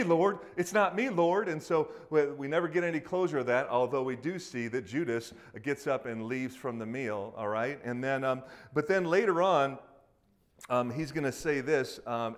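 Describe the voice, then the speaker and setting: A man preaching a sermon to a congregation, speaking casually and acting out quoted voices with lively emphasis. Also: medium pitch. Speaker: pastor.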